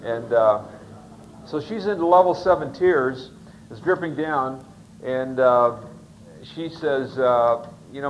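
A man's voice: medium pitch, slow, slight background noise, poor audio. A man preaching a sermon, telling a story in a rambling, folksy way with many fillers and restarts. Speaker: pastor.

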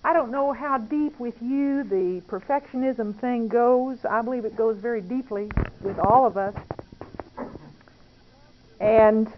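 A woman speaking earnestly and intimately about prayer and faith, confiding like a testimony, in a dull lo-fi recording. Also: fairly high pitch. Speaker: Christian speaker. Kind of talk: testimony-style talk on prayer.

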